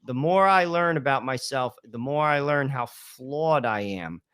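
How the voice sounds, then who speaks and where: A man in his fifties co-hosts a podcast, speaking casually and emphatically about faith and often repeating "listen" and "you know." His mid-range voice is animated, a little slow, a bit bright, clear, and resonant.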